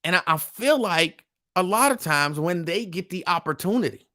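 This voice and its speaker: A man's voice: sits high, lively intonation, moderate pace, pushed and bright. Emphatic man hosting a stream. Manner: emphatic, repetitive, conversational. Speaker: host. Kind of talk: casual live-stream commentary.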